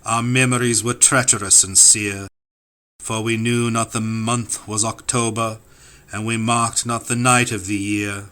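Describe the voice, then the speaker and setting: A man's voice: lowish voice, flat delivery, measured pace, pushed and bright. A man reading classic poems for an audiobook, with a rhythmic, incantatory delivery that sweeps up and down. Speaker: audiobook reader. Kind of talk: dramatic poetry reading.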